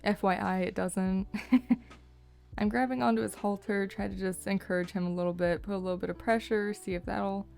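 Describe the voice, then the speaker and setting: A young woman narrates her vlog in a cheerful voice-over, breaking into small laughs. Her voice is strongly creaky and gravelly, and soft guitar music plays faintly behind. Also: medium pitch, steady tone, normal speed. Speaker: horse owner, vlogger.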